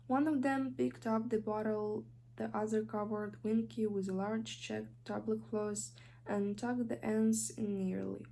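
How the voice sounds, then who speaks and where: A woman's voice: medium pitch, creaky, warm tone, slight background noise. Young Ukrainian-accented woman reading aloud. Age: young adult. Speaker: student reader. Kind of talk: audiobook reading.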